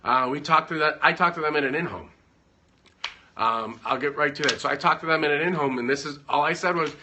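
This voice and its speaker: There's slight background noise behind this brisk, sharp, slightly high male voice. Chatting from home on a livestream, he gives business advice in a rambling, self-interrupting, joking way.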